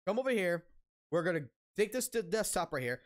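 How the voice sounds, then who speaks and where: A man's voice: high-pitched, very animated, brisk. A man streaming a casual rant, angry and heavily profane, blunt, repeating himself for emphasis.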